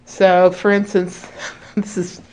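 A woman speaking earnestly and reflectively to a group, explaining ideas with frequent pauses and fillers. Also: fairly low pitch, monotone, a little mellow. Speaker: speaker leading a spiritual group talk.

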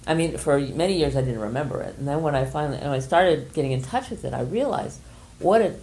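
An older woman leading a workshop group, speaking gently and hesitantly with many pauses as she explains an exercise and shares a personal story. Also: low voice, animated. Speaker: workshop leader.

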